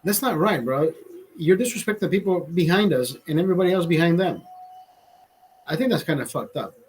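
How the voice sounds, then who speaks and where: A man's voice: a little high, brisk, a little mellow, slight background noise. A man hosting a livestream, telling a story in a profane, emphatic way, often repeating himself and restarting sentences. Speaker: livestream host. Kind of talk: casual live storytelling rant.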